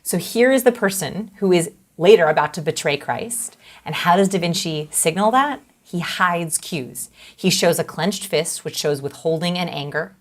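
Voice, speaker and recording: Lower-voiced woman explaining with examples. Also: normal speed, hardly any pauses. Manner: lively, explains with acted-out examples. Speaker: guest, behavioral expert. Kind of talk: explanatory interview talk.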